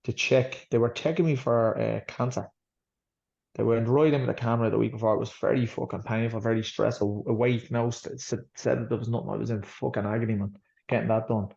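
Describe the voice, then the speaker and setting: A man's voice: medium pitch, fairly even intonation, fairly quick, creaky, a little mellow. An Irish boxer telling his story in an interview, blunt and swearing freely, rambling as he goes. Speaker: boxer, guest. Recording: slightly dull lo-fi sound.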